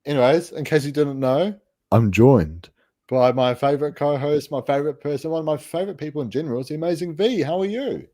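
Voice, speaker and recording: A man's voice: on the high side, animated, brisk, warm tone. A man hosting a casual chat show, upbeat and rambling, with lots of fillers. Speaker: podcast host.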